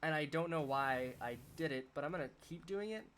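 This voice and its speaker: A man's voice: on the high side, a little fast, a bit bright, a little hiss or hum. Rambling young man chatting while gaming. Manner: rambling, thinking aloud with many restarts. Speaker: streamer. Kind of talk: casual chat while playing a game.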